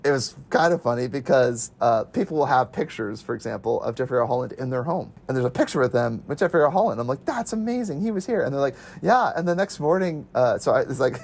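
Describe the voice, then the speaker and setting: A man's voice: medium pitch, lively intonation, fast, vocal fry, few pauses, darkish tone. A man casually recounting his missionary days as an interview guest, chatty, laughing often and acting out the voices he quotes.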